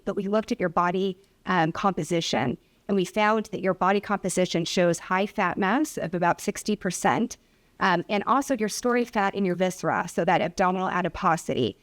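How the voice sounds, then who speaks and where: Doctor presenting at a public hearing. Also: female voice, mid-range voice, a little fast. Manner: storytelling with acted patient dialogue. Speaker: obesity specialist physician. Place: hearing room.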